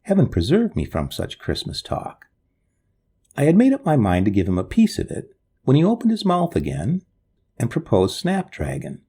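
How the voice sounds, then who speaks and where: Gravelly, dark-voiced male storyteller. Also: mid-range voice, normal speed. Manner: dramatic, expressive first-person telling. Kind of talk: storybook narration.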